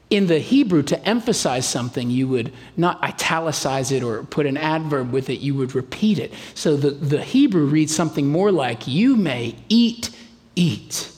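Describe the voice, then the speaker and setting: A man preaching a sermon in a lively, animated way, acting out quotes in playful voices. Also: fairly high pitch, moderate pace. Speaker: pastor. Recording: reverberant hall.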